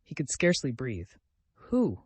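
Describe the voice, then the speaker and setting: Here a man narrates a classic novel as an audiobook, keeping a measured storytelling pace. His mid-range voice sounds animated, and the recording has no echo.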